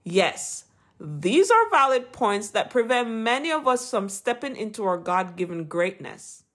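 A woman's voice: a little high, a bit bright. A woman with a Jamaican accent reading an earnest, encouraging Christian motivational talk as a podcast host. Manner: earnest, encouraging, read from a script.

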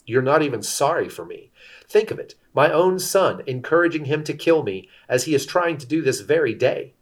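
A man's voice: on the high side, expressive, normal speed, pitched above the performer's own voice. A man reading the part of an angry, suspicious king who demands answers. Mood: accusing. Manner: accusing, demanding. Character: angry suspicious old king, shouting accusations.

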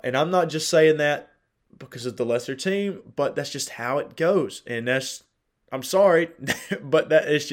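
A young man hosting a casual solo sports podcast, chatty, laughing often and restarting his sentences. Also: fairly high pitch. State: dry throat. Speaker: podcast host.

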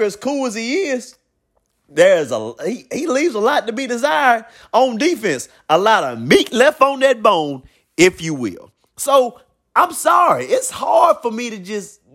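High, animated man talking basketball. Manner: animated, blunt, colloquial, repeats himself. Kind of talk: opinionated basketball commentary monologue.

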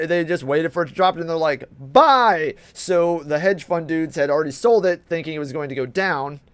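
A man in casual, profane podcast chat, animated and quick to act out voices. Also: on the high side, clear, resonant tone, no echo. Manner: animated, swears a lot, acts out voices in quotes.

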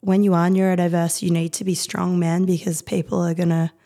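A woman in her thirties, a podcast guest talking candidly in a rapid, rambling, heartfelt way with many fillers. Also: lowish voice, level tone, mellow. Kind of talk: candid conversational interview.

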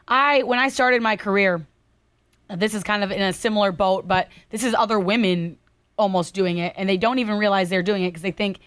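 A young adult woman co-hosting a podcast, telling stories in a chatty, animated way. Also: medium pitch, fairly quick, dry recording, clean studio sound. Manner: chatty, animated storytelling with laughs. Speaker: podcast co-host. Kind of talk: casual chat.

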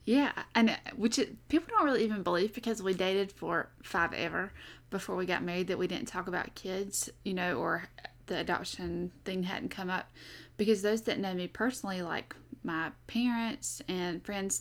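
A woman's voice: on the low side, vocal fry. A young adult woman hosting a casual podcast, chatty and upbeat with frequent fillers. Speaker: podcast host.

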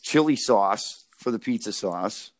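A man's voice: on the low side, expressive, unhurried. A young man talks loosely in a casual podcast chat, wandering through stories. His speech is packed with fillers and swearing, and he laughs at his own jokes as he goes. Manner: rambling, profane storytelling full of fillers. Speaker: podcast co-host.

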